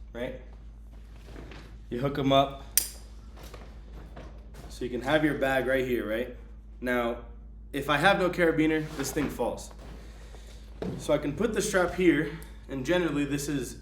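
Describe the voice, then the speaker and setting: A man vlogging about his travel gear in a casual, slangy way, with many ums and bursts of excitement. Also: medium pitch, measured pace, pauses often, a little hiss or hum.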